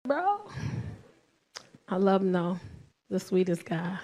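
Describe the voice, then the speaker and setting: A brash woman in her forties with a New York accent, telling a profane stand-up set with loud bursts. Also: mid-range voice, very animated, slow, long pauses. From South Bronx, New York. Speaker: stand-up comedian.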